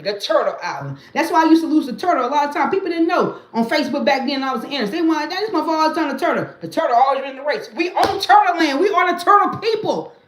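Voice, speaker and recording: A woman's voice: high-pitched, roomy sound. A woman, talking emphatically and profanely in a casual live-stream monologue, repeating her catchphrases. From Mississippi, US. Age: late 30s. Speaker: livestreamer.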